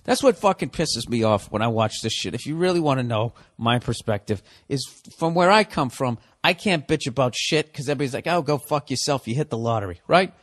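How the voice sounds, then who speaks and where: A man's voice: medium pitch, lively intonation, brisk, few pauses, no echo, clean studio sound. A man in his forties hosting a solo podcast, ranting with profane sarcasm. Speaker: podcast host.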